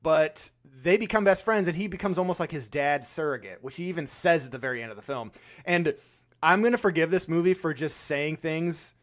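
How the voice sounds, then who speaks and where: A man's voice: a little high, expressive, fairly quick. A man co-hosting a podcast, chatting casually about a film, laughing often and swearing freely. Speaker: podcast co-host. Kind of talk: casual chat.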